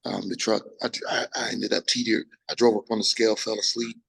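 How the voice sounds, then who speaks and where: A young man, a bodybuilder, telling his story in a casual interview, animated and full of restarts, acting out quotes. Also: lowish voice, brisk, poor audio. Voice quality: gravelly, husky. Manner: animated, acts out quotes, frequent restarts and profanity.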